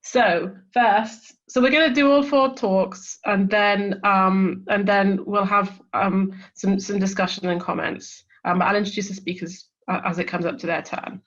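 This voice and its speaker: A woman's voice: medium pitch, steady tone, measured pace, few pauses. A woman chairing an academic seminar over a video call, chatty and self-deprecating as she introduces the speakers. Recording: dull lo-fi video call audio.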